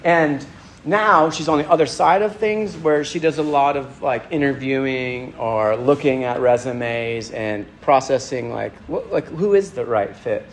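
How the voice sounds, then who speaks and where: A man's voice: medium pitch, a little slow, a little hiss or hum. A man preaching a sermon in a loose, conversational way, with many restarts and acted-out quotes. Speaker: pastor.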